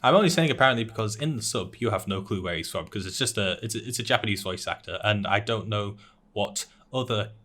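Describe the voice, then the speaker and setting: A man's voice: on the low side, animated, quick pace, a bit bright. A young man co-hosting a casual anime talk show, recapping episodes in a rambling way with lots of "uh" and restarts and laughing at his own jokes. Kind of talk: casual chat.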